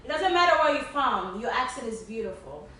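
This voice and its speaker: A woman's voice: a little high, big pitch swings, brisk, sharp tone. A woman co-hosting a casual podcast, speaking earnestly and with emphasis and often restarting her words. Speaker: podcast co-host. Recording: echoey room, distant mic, faint hiss.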